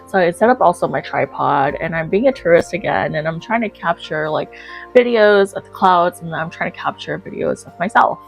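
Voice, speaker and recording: A woman narrating her own life story as an author, acting out her past reactions with lively quoted lines. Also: on the low side, moderate pace, vocal fry, soft background music.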